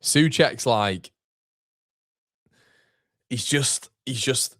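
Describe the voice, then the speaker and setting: A man with a fairly low voice hosts a live football watchalong, reading out viewers' messages between bursts of reaction. He repeats himself, trails off and swears, and his voice jumps higher when a chance comes. The sound is dry and close, with no room echo. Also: measured pace, long pauses, fairly bright tone. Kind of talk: live match reaction commentary.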